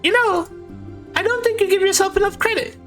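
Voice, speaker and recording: A woman's voice: extremely high pitch, fairly quick, faint music behind. Sayori, a woman doing a sweet cheery schoolgirl. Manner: sweet, gentle and encouraging. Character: cheerful, kind teen girl club member.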